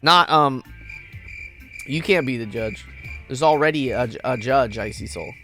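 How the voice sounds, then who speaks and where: A man's voice: medium pitch, unhurried, over music. A man streaming games in a casual, playful chat, giggling and greeting viewers by name. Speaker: game streamer.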